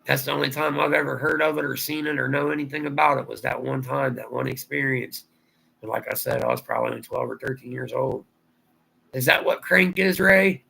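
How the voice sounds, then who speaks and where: A man's voice: medium pitch, brisk, creaky, sharp tone, breathy edge, poor audio. A man from Ohio with a Southern drawl, rambling through a casual livestream chat and answering viewer comments aloud. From Ohio, USA. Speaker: livestream host.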